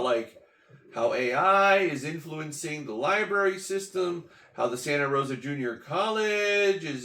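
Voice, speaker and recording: A podcast host tells a rambling, jokey story in a gravelly, mid-pitched voice and acts out bits along the way. The recording sits in an echoey room. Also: male voice, a bit bright. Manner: playful, jokey, acts out quotes and sound effects. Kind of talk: casual storytelling monologue.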